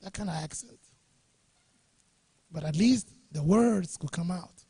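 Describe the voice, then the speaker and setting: A man's voice: sits high, a little slow, dark tone, husky, no echo. A middle-aged man from Ghana, telling jovial anecdotes and chuckling as he speaks. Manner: jovial storyteller, chuckling often. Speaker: guest speaker. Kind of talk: anecdotal talk to a workshop audience. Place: studio or workshop room.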